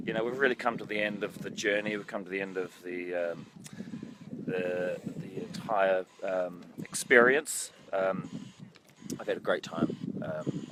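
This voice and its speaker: A man with a lowish voice, who is directing a film, strolls an outdoor lakeside set while livestreaming on a phone held out at arm's length. Set noise sits behind his voice, and he rambles along with many ums, poking fun at himself.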